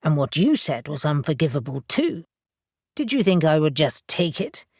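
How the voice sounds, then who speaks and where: A woman's voice: low voice, big pitch swings, moderate pace, darkish tone, husky, no echo, clean studio sound, full character voice. A woman voicing a proud, curt male company boss in an audiobook, with a clipped manner. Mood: angry.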